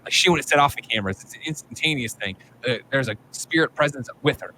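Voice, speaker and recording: A man in his thirties, a podcast host, recapping a movie in casual chat with animated, profane storytelling. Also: medium pitch, fast talker, a little hiss or hum, low-quality recording.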